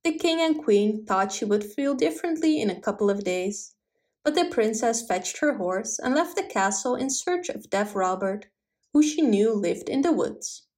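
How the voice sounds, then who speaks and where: A woman reading a fairy tale aloud with clear, steady storybook narration. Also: fairly high pitch, normal speed.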